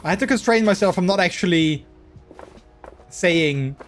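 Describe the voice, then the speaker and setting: A man's voice: high-pitched, expressive, moderate pace, faint music behind. A man with the hiccups chatting casually on a live stream, rambling through his stories with many restarts. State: has the hiccups.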